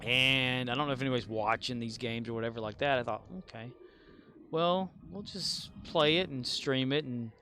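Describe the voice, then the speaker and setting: A man's voice: medium pitch, moderate pace, sharp tone, a little hiss or hum. A man streaming a game and chatting casually, rambling, self-deprecating and swearing freely. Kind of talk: casual chat while gaming.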